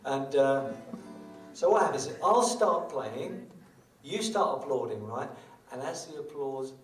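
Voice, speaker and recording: A man's voice: mid-range voice, animated, a little slow, distant mic. Wry middle-aged man chatting on stage. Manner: chatty, wry, self-mocking storytelling. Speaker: guitarist performing live. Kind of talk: on-stage patter between songs. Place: small concert venue on stage. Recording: echoey venue from afar with guitar.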